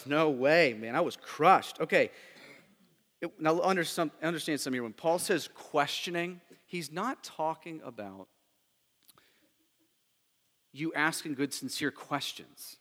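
A man's voice: on the high side, expressive, measured pace, pauses often, fairly bright tone, big-room sound. A middle-aged man preaching a sermon as a pastor, talking conversationally with frequent rhetorical questions. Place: church sanctuary.

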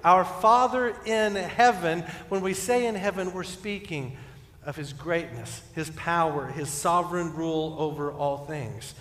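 Pastor, male, somewhat high voice, earnest sermon delivery with emphatic swells, recorded in a reverberant church sanctuary. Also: measured pace. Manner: earnest preaching, rising to emphatic peaks then dropping soft. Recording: echoey church hall with long reverb.

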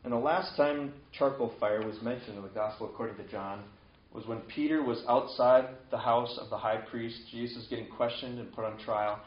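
A man's voice: mid-range voice, moderate pace. A man preaching a casual sermon, retelling scripture in a conversational way and acting out the quoted lines. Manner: conversational, acts out quoted lines with sudden lifts. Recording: echoey, dull lo-fi room sound.

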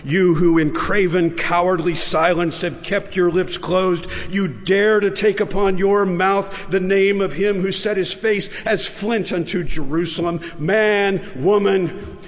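A man voicing a severe divine judge who rebukes cowards in a slow, loud, accusing proclamation. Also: high-pitched, fairly even intonation, big-room sound, pitched above the performer's own voice.

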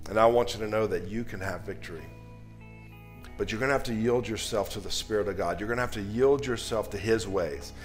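A man preaching a sermon, moving from loud, emphatic lines to soft, low passages. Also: fairly quick, soft background music. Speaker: pastor.

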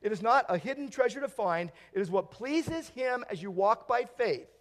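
A pastor delivers an earnest sermon in a notably high-pitched male voice. He moves between emphatic, raised declarations and hushed, low asides to his congregation. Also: expressive, normal speed.

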